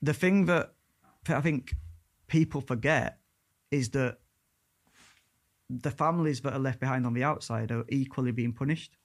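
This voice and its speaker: A man, talking in a calm, coaxing way and guiding a mind-reading trick on a podcast. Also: moderate pace. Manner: calm, coaxing, drops to a soft low voice while guiding the trick. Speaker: mentalist guest. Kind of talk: casual chat.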